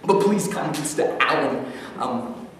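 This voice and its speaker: A comedian impersonating a nervous, neurotic middle-aged filmmaker who stammers and frets, recorded from afar in an echoey club. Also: male voice, medium pitch, lively intonation, unhurried, a bit bright, slight background noise. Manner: anxious, stammering, fretful. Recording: echoey club sound from a far mic.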